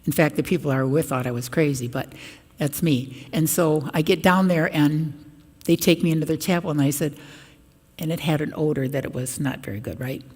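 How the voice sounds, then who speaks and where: An older woman with a low voice tells stories to a parish congregation and springs into raised voices for the people she quotes. Her words ring out with the long reverb of a large church. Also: brisk, darkish tone, husky. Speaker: guest speaker at a parish mission. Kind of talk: storytelling talk to a congregation.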